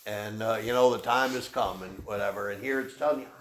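Speaking briskly in a low-leaning voice, a pastor teaches the Bible conversationally and folksily, fielding questions from his listeners in a church room. The recording is echoey with faint noise.

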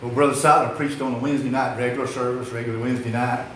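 A man's voice: medium pitch, little pitch movement, rapid-fire, fairly bright tone, a little hiss or hum. An older man preaching a sermon, telling folksy, rambling stories and repeating his phrases. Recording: echoey hall.

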